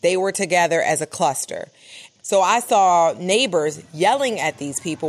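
A woman's voice: lowish voice, expressive, moderate pace. A woman reporter recounting what she saw in an urgent, emphatic way, with many fillers. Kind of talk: live interview, recounting events.

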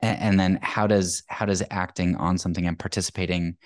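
A man with a low voice hosts the interview. He fumbles toward his question with restarts and doubts. His voice is recorded dry and close. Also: little pitch movement, a little fast, no echo. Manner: hesitant, restarts, unsure phrasing. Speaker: podcast host.

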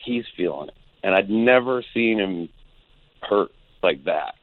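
A low-pitched man calling in over a tinny, dry phone line. He rambles through a story, restarting his sentences and acting out what everyone said. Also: expressive, a little slow, no echo. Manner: rambling anecdote with acted quotes. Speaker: guest musician.

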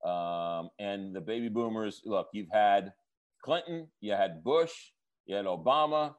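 A man's voice: on the low side, animated, unhurried. A man co-hosting a podcast, telling earnest stories in casual chat and making fun of himself. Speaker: podcast co-host.

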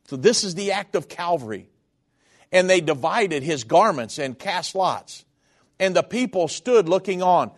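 A man preaching in an earnest, heartfelt voice that sits a bit high for a man. He swings between soft, low passages and louder, raised ones as he goes. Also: expressive, a little slow. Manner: earnest, heartfelt, wide swings in pitch and volume. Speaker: radio preacher. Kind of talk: preaching sermon.

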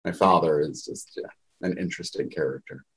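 A man's voice: extremely low pitch, fairly quick, fairly bright tone, husky, poor audio. A middle-aged man telling candid stories in a rambling way, with wry laughs. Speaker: guest. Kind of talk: candid conversational storytelling.

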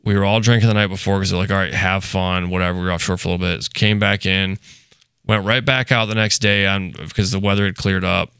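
A man with a low, gravelly voice tells rambling, profanity-laced stories from his diving days. His tone is bright and crisp over a dry studio sound. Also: flat delivery, quick pace, no room sound. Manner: profane, storytelling, laid-back. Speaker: guest, commercial diver. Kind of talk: casual podcast chat.

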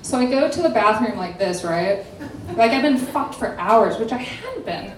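A young adult woman telling a personal story in casual chat, animated and dramatic, acting out quotes with laughing asides. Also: on the high side, moderate pace, distant mic, slight background noise. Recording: echoey room, voice off-mic.

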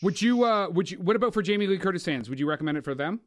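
A man's voice: high voice, expressive, very fast. A man co-hosting a casual movie podcast, rambling and cursing, often restarting his sentences. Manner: rambling, swears a lot, stumbles and restarts. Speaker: podcast co-host.

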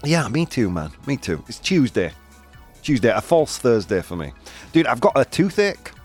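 A man's voice: medium pitch, big pitch swings, normal speed, faint music behind. A man hosting a live morning show, chatting casually and playfully, switching between languages and punching words for emphasis.

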